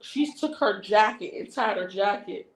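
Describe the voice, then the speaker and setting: A woman casually telling a story on a talk stream, lively and slangy. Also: mid-range voice, normal speed, reverberant, rough recording. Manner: lively, animated retelling with slangy asides.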